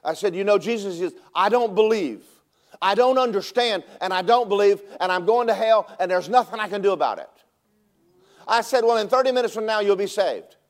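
A man preaching a sermon as pastor, telling stories with animated delivery that rises to shouting at its peaks. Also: high voice, fairly quick.

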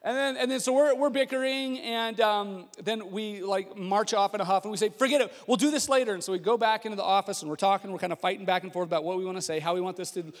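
A middle-aged man preaching a sermon as a pastor, telling a story in an animated way and acting out what people said. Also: high voice, fast talker, few pauses. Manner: storytelling, animated, acts out quotes. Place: church sanctuary. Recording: long reverb of a large hall.

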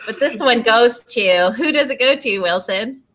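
A woman's voice: fairly high pitch, expressive, measured pace, a bit bright. Giggly woman co-hosting a podcast. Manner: giggly, laughs often, playful. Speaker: podcast co-host. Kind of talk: casual podcast chat.

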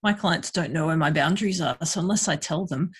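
Woman guest, husky, frank and chatty. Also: deep voice, a little fast. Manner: frank, chatty, lots of fillers. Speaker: guest, sex worker and educator. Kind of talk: casual podcast conversation.

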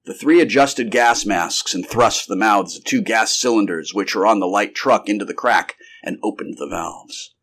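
A man reads an old science fiction story aloud in an unrehearsed, live take. His voice sits low. Now and then he trips and restarts a sentence, then carries on with the telling. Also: a bit bright. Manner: occasional restarts mid-sentence. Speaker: amateur audiobook narrator.

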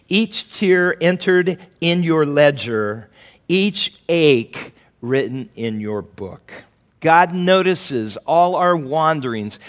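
A man delivers a sermon at an unhurried, deliberate pace. His voice sits a little high for a man, and he talks to the congregation like a friend, breaking off for asides and soft laughs. When he quotes, he acts the words out with a lifted voice. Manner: slow, conversational preaching with asides and chuckles. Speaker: pastor.

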